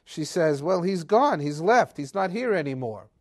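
A man with a slightly raised pitch retells a scripture story for the Sabbath. He tells it casually and with energy, slipping into the voices of the people he quotes. Hebrew words flow naturally into his English. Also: moderate pace. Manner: lively retelling, acting out characters' quotes. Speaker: Torah teacher. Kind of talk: weekly Torah portion storytelling.

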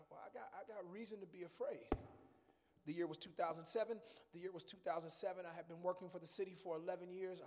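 A man preaching a sermon as pastor, building to shouts and talking straight to the congregation. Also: on the high side, long reverb tail. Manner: preaching with rising shouts and call-and-response asides.

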